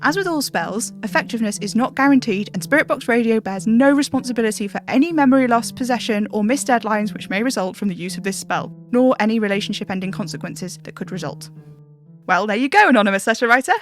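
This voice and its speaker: A woman's voice: a little high, fast talker, soft background music, close to an everyday voice. A woman voicing an earnest, matter-of-fact stand-in male radio advice host who over-explains things, in an audio drama. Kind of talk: scripted audio drama monologue.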